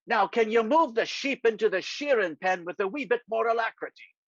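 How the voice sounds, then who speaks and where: A man putting on a gruff, teasing elder. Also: high-pitched, expressive, fairly quick, a bit bright, no room sound, voice pushed up, exaggerated voice. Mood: wry, teasing. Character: dry-witted older Scottish male politician. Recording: dry, slightly dull lo-fi sound.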